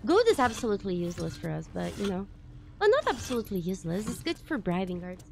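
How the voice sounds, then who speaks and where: A woman streaming a game live, reacting excitedly, swearing, and thanking viewers in casual chat. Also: medium pitch, fast, creaky, a little hiss or hum. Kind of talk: live gameplay commentary.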